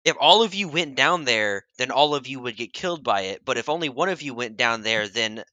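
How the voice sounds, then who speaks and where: Brief: man with a country accent, game master, chatty and rambling, bright dry voice. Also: mid-range voice, expressive, brisk, no echo. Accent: Southern US country. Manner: casual, chatty, stumbles and restarts when explaining. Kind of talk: narrating a tabletop game.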